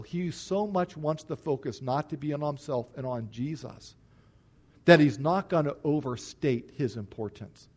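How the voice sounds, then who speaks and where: A man's voice: a little high, darkish tone. A man preaching a sermon, explaining scripture verse by verse with emphatic stress on key points. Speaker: pastor.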